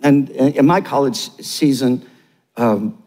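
Older male pastor, husky high voice, sermon in a big echoing church hall, animated then quiet. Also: measured pace. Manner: animated preaching, repeated lines building up, then a quiet personal story.

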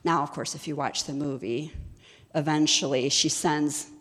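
A woman's voice: sits low, steady tone, moderate pace, a bit bright. Conversational woman preacher in a big echoing hall. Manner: conversational, storytelling, asks the audience questions. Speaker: ministry executive director teaching. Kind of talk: sermon-style teaching.

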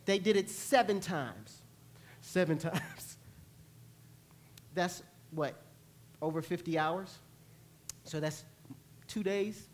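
Man, pastor, sermon, animated, playful, church sanctuary. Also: high-pitched. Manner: animated, playful, acts out voices and laughs with the congregation.

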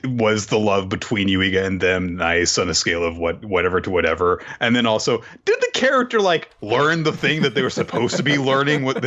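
A joking, animated man co-hosting a podcast, his pitch bouncing around. His voice is bright and sharp, and it comes through a dull, lo-fi recording. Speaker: podcast co-host. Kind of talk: casual chat. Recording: dull lo-fi sound.

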